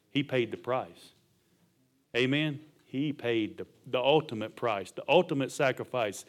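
A man's voice: medium pitch, a little slow. Middle-aged guy preaching, folksy and fired up, tosses in amens all the time. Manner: emphatic preaching with calls of amen and hallelujah. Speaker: pastor. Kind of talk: sermon.

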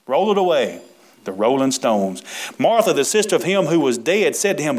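A preacher, reading scripture in a sermon with folksy, emphatic asides and drawn-out words. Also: male voice, a little high, lively intonation.

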